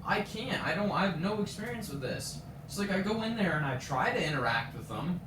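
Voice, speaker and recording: Teenage boy, high voice, frustrated swearing rant, casual stream talk, roomy echo. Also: expressive, brisk, background noise. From Canada. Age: teens. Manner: frustrated, swears often, retells scenes with quoted voices. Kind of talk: ranting casual stream chat. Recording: roomy echo, distant from mic.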